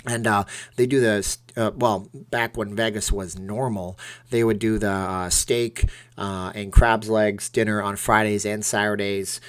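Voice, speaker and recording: A man's voice: on the low side, level tone, unhurried, clean tone. A middle-aged man casually chatting on a live stream, reading out donor names and rambling through asides.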